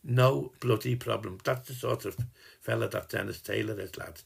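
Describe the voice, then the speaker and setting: A Liverpool man with a low, deeply gravelly voice rambles through a personal message to one listener. His husky tone wanders from story to story. He teases gently and drops in mild swears along the way. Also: moderate pace. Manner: teasing, meandering, peppered with mild swearing. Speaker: sender of a personal video message.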